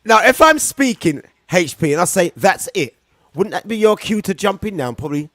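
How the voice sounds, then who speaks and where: A man's voice: sits high, expressive, fairly quick, fairly bright tone, no echo. A man co-hosting a casual online radio show, teasing his partner and laughing often. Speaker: co-host.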